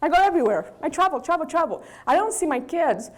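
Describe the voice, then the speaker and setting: A woman with a Brazilian accent, a business owner giving a candid, animated lecture to students. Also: high-pitched, fast talker. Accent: Brazilian Portuguese. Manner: animated, candid storytelling with acted quotes.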